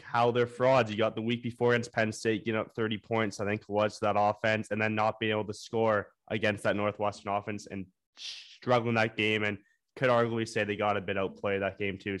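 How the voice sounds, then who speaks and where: A young man co-hosting a sports podcast, chatting casually in enthusiastic, opinionated bursts about college football. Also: lowish voice. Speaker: podcast co-host.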